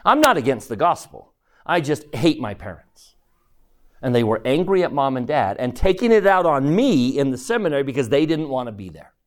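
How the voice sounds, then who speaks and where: A middle-aged man leads a scripture lesson in a classroom. He speaks with animated emphasis and keeps turning questions back to his listeners. His voice sits at an ordinary middle pitch for a man. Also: normal speed. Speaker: scripture teacher.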